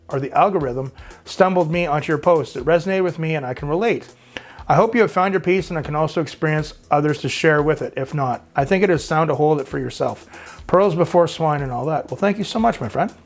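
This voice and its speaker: A Canadian YouTube host in his fifties chats casually on his own channel while reading out viewer comments, rambling a little and using lots of filler words. His voice is a little high and his pace brisk.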